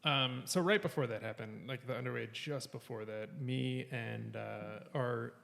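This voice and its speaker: On a casual podcast, a man tells a long story, swearing often, laughing between lines and animatedly acting out what others said. His medium-pitched voice is unhurried and fairly bright with vocal fry, and a long reverb tail trails the audio.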